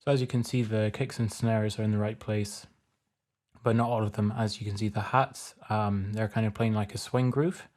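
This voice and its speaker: Low-voiced man explaining a tutorial. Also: normal speed, a little hiss or hum. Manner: relaxed, plain, step-by-step explaining. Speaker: music production tutor. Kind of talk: casual screen-recorded tutorial.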